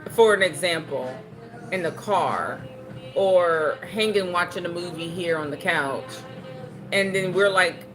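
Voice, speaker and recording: With music playing behind her, a young livestream host talks from home in a lowish, unhurried voice. Reading comments from viewers, she keeps the chat casual and lively, joking and putting on playful voices.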